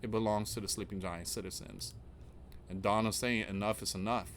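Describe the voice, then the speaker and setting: Low-voiced man rambling through news commentary. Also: fairly even intonation, fairly quick, a little hiss or hum. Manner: rambling, repetitive, often restarting with "again" and "guys"; reads news items aloud, then reacts with rhetorical questions. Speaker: host of online news commentary channel. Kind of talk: casual political commentary to viewers.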